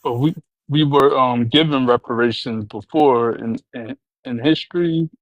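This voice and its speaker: Guy calling into a show, halting and unsure, dry muffled line. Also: medium pitch, no room sound. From Virginia. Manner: hesitant, halting, full of ums. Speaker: caller. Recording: dull lo-fi call line.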